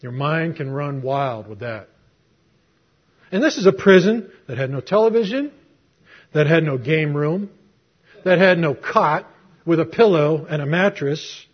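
A middle-aged preacher shares personal testimony in a sermon, his slightly high, husky voice expressive and a little slow, with long pauses. He speaks conversationally and fires rhetorical questions at the congregation, though the audio is muffled and lo-fi.

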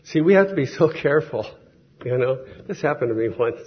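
Male preacher, husky mid-pitched voice, casual storytelling sermon, lo-fi recording. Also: animated, a little fast. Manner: conversational, storytelling with quoted voices.

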